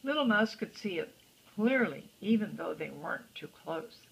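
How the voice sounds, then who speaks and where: Gentle grandma, husky, reading a bedtime picture book. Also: female voice, mid-range voice, animated, normal speed, poor audio. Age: older. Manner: gentle, chatty asides to the child. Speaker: storyteller grandmother.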